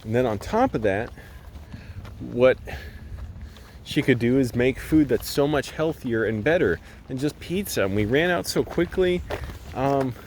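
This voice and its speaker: A man's voice: mid-range voice, lively intonation, a little slow, pauses often, a little hiss or hum. Chatty man rambling outdoors. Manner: rambling, chatty, laughs at himself. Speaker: vlogger. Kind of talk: casual vlog monologue. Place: outdoors walking around a complex.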